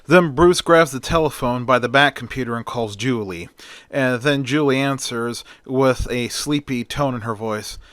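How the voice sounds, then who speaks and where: A man's voice: mid-range voice, moderate pace, fairly bright tone, no room sound. A man telling a homemade hero story in a plain, chatty way, stringing events with "and then". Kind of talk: casual amateur storytelling.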